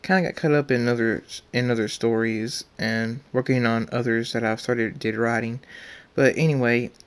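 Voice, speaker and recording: A young man reads his own story aloud in a casual, halting way, often stumbling and restarting. His voice sits at an ordinary middle pitch. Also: fairly even intonation, smooth. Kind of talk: amateur story reading.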